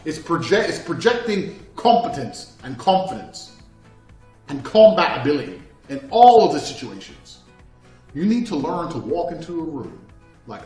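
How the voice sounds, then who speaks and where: A man's voice: fairly high pitch, big pitch swings, normal speed, a little mellow. A man in his thirties giving a blunt, profane motivational talk, swearing constantly and acting out quoted exchanges. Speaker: motivational speaker. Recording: echoey room with faint music.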